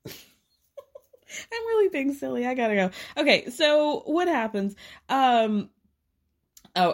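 Chatty sarcastic woman podcaster. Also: fairly high pitch. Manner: chatty, sarcastic, laughs often. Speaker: podcast host. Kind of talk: casual recap chat.

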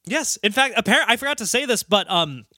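A man's voice: sits high, animated, brisk, pushed and bright, dry recording, clean studio sound. A man co-hosting a casual podcast, joking around and laughing, then wrapping up the episode. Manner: jokey, chuckling, sign-off patter. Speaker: podcast co-host.

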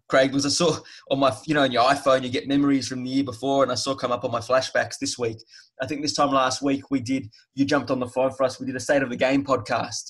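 A man's voice: mid-range voice, fairly bright tone, low-quality recording. Chatty male podcast host. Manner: chatty, rambling questions with restarts. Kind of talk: conversational interview.

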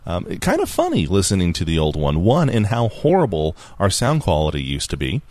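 Deep-voiced man hosting a podcast. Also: wildly swooping pitch, brisk, darkish tone, no echo. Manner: chatty, laughs easily, reads listener feedback. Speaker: podcast host. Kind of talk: casual podcast chat.

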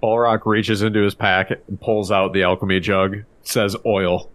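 A man's voice: lowish voice, flat delivery, a little slow, fairly bright tone. A man playing a tabletop game, talking casually with hesitant fillers. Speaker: player. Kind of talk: casual tabletop role-play.

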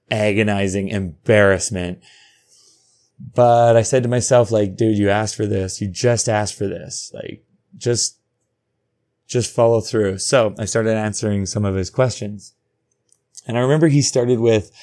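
A man's voice: on the low side, a little mellow. A man from Alberta, hosting a podcast and telling a personal story in a candid, profane way, acting out his own inner thoughts. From Alberta, Canada. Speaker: podcast host. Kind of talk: confessional storytelling monologue.

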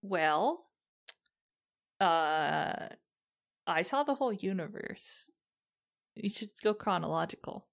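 A woman's voice: on the low side, expressive, slow, vocal fry, pauses often. A woman playing her character in a tabletop game, talking in a rambling, hesitant way. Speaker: player. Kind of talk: tabletop role-play, in character.

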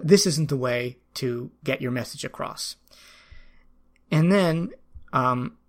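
A man who teaches, talking through his own reactions in an earnest, self-questioning way, pausing and restarting as he thinks. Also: medium pitch. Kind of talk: reflective personal talk.

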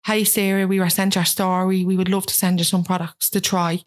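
Speaking a little fast in a mid-range voice, this guest, around thirty, keeps the casual chat animated. She frequently acts out what other people said in their voices.

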